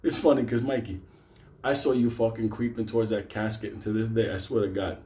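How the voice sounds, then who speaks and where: A man's voice: on the low side, fairly even intonation, fairly quick, a little mellow. A man telling a comic story to a live audience, rambling, swearing constantly and laughing between lines.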